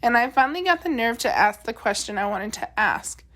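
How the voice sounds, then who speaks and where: A woman's voice: a little high, animated, fairly quick, fairly bright tone. Woman teacher reading a children's novel aloud.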